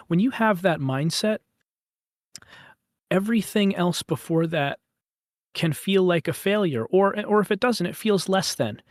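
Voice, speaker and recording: A man's voice: high voice, normal speed, no echo, studio quality. A man hosting a podcast, speaking thoughtfully and hesitantly with many fillers. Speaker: podcast host. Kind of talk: casual podcast conversation.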